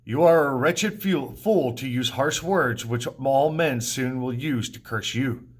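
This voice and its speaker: A man's voice: mid-range voice, slow pace. A man reading the part of a proud, angry king aloud in a scornful, accusing way.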